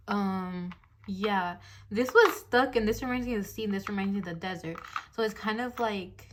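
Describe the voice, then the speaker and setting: A giggly woman in her 20s gives a tarot reading in a mid-range voice, rambling and leaning heavily on fillers. She's recorded on a phone in a desk mount, with a noisy background.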